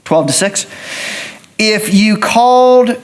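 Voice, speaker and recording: A man serving as a judge in a courtroom, explaining jury duty to prospective jurors in a measured, explanatory manner. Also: high-pitched.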